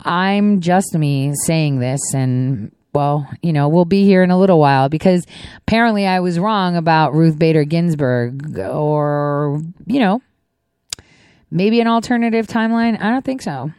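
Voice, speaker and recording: A woman with a smooth, clear and fairly low voice hosts her own talk show. She rambles along casually, stopping for asides, and the recording is close and dry. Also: measured pace, darkish tone, no echo. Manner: rambling, conversational, with many asides. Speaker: show host. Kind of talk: casual political commentary.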